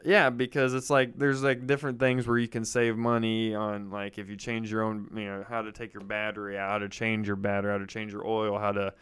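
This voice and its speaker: Animated young man telling stories. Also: brisk, few pauses, clean tone. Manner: animated storyteller, jumps into loud high-pitched impressions. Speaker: podcast co-host. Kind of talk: casual storytelling chat.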